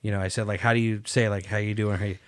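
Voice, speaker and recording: A man's voice: lowish voice, level tone, racing, dry recording. A man hosting a podcast, chatting casually and cracking teasing jokes. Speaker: podcast host. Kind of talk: casual chat.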